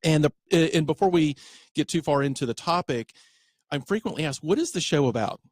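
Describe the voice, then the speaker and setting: Chatty radio host, dry studio sound. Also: male voice, a little high, animated, no room sound. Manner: chatty, self-correcting, slows for emphasis. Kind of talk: casual radio talk.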